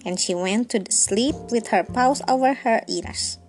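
A woman reading a bedtime story aloud in a gentle, unhurried narrating manner. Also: a little high, faint music behind.

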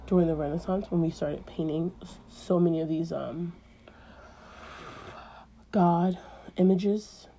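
A woman's voice: on the low side, mellow, breathy edge. A woman podcast host retelling an old story in a casual, comedic, slangy and digressive way.

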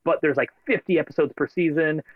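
A man who is a father, co-hosting a podcast and telling stories in an animated way, laughing as he talks. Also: a little high, fast talker, dry recording, dull audio. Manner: animated storyteller, laughs while talking. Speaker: podcast co-host. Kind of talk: casual chat.

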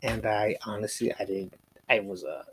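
Gravelly rambling podcast guy. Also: fairly low pitch, steady tone, normal speed, a little hiss or hum. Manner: rambling, frequent fillers and restarts, casual swearing. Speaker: podcast host. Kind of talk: casual solo podcast monologue.

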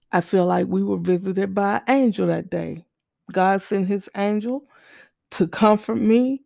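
A mother shares a faith testimony in an earnest storytelling manner, often repeating and restarting her words and acting out quoted voices. Her medium-pitched voice is warm with some vocal fry, recorded at studio quality with no echo.

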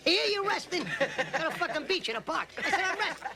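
An actor playing a hot-tempered mobster who swings from joking to menacing, swearing heavily. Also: male voice, very high-pitched, animated, quick pace, heavy background noise. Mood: storytelling. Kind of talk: film dialogue.

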